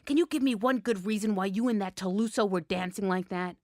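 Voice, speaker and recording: A woman puts on a strict middle-aged mother, furious and tense, hissing her scolding in a low whisper-shout. The sound is close and dry. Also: brisk, no echo, lightly acted. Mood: angry.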